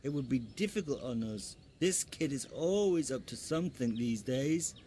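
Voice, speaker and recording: A man's voice: mid-range voice, lively intonation, moderate pace, dark tone, close to an everyday voice. A man voicing a fretful old grandfather in a dubbed cartoon. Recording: faint background noise.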